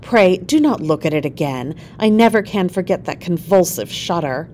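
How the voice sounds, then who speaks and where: A woman's voice: lowish voice, animated, moderate pace, darkish tone, slight background noise, lightly acted. A woman voicing a faint, pleading young wife. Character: frail young wife, fearful and gentle.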